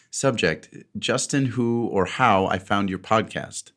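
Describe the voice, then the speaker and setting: Middle-aged male podcast host, very low voice, chatty and self-deprecating, laughs easily. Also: lively intonation, normal speed, hardly any pauses, fairly bright tone. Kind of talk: casual podcast chat, reading a listener letter.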